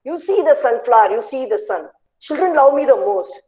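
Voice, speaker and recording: Lady doing a loud show-off yellow color in a kids tale. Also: high voice, expressive, moderate pace, poor audio. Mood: boastful. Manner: boasting, shouting for attention. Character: loud boastful personified color Yellow, attention-seeking.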